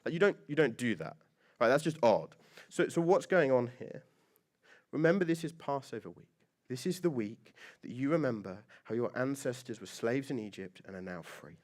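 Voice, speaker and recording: A man's voice: mid-range voice, expressive, normal speed. A man preaching a sermon as pastor, conversational and joking, with lots of rhetorical questions.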